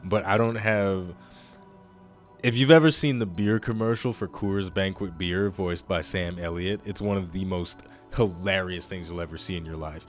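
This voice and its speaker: A man with a naturally deep voice hosting a gaming channel, giving chatty, rambling commentary as he plays. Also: moderate pace, faint music behind. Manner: chatty, rambling, self-correcting. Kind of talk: let's play commentary.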